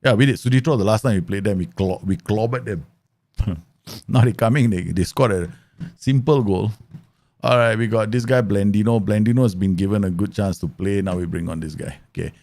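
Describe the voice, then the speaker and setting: A man's voice: on the low side, a little fast, no echo. A man, streaming a football manager game live, chatting with viewers and laughing often. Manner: animated, laughs often, mimics voices in stories. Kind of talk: live football manager gameplay commentary with chat.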